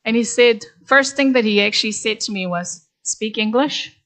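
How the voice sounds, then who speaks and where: A woman's voice: on the high side, brisk, fairly bright tone. A middle-aged woman from Korea, a guest speaker telling personal stories at a graduation in a conversational, candid way. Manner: conversational, candid, with frequent "actually". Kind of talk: ceremonial speech, personal storytelling.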